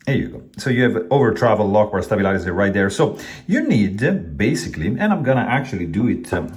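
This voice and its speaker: Man, casual product review, relaxed, rambling, lively pitch, fiddling with the knife. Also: fairly quick. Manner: relaxed, rambling, many fillers and restarts; handling the knife while talking.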